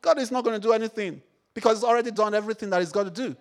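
A man preaching a sermon, repeating phrases, firing questions at the congregation and rising to shouts. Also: high voice, rapid-fire. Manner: call-and-response, repeats phrases, rises to shouts; rhetorical questions to the audience.

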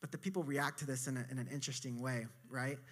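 Man, pastor, sermon, mid-pitched voice, conversational preaching, casual asides. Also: fairly even intonation, quick pace.

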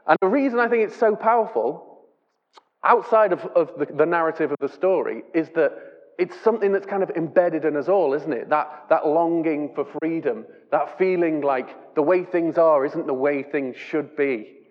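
Lo-fi, big-room sound carries a man from England preaching in a church hall at a moderate pace, his voice on the high side. The sermon is casual and chatty, self-deprecating, with frequent restarts of his sentences.

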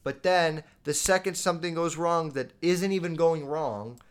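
A young man talking casually and bluntly into the camera, swearing a lot and getting animated as he reads out and answers viewer comments. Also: fairly high pitch, normal speed, clear, resonant tone. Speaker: vlogger reading viewer comments. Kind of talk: casual unscripted monologue.

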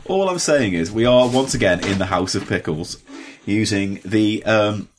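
A man co-hosting a comedy podcast, chatting in a dry, wry, rambling way from a hot room in a flat on a desk microphone. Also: on the low side, moderate pace, slight background noise. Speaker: podcast co-host. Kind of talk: casual comedy podcast chat. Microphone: USB desk microphone.

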